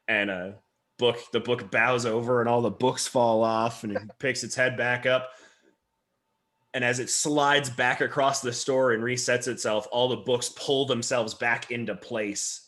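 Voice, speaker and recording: A man's voice: mid-range voice, flat delivery, unhurried, a bit bright. A man in a mid-range voice narrates a tabletop game as game master. He rambles along with frequent restarts and fillers.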